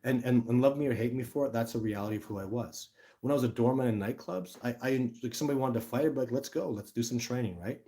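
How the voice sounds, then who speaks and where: A middle-aged man hosting a casual livestream, talking to viewers in an energetic, rambling way and often breaking off mid-sentence. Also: mid-range voice, fast. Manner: energetic, rambling, self-interrupting. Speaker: livestream host, Sasquatch researcher. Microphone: phone camera.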